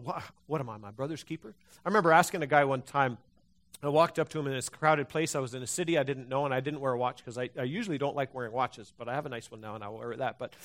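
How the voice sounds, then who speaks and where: A man preaching a sermon as pastor, in a conversational, animated way with frequent restarts. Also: mid-range voice.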